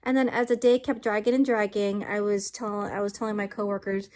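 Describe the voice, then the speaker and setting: A woman's voice: medium pitch, little pitch movement, brisk, a little mellow. A woman talking casually to camera in a vlog, tired and achy, earnest and upbeat in a chatty way. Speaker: vlogger.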